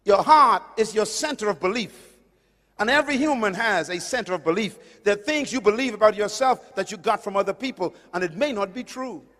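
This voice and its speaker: A man preaching a sermon, emphatic, swinging from loud declarations to hushed lines. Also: high-pitched, fairly quick. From Caribbean island. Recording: long hall reverb.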